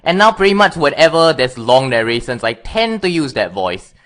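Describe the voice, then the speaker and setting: A man's voice: mid-range voice, big pitch swings, normal speed, fairly bright tone. Rambling, self-correcting male guest. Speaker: interview guest. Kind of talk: casual interview chat.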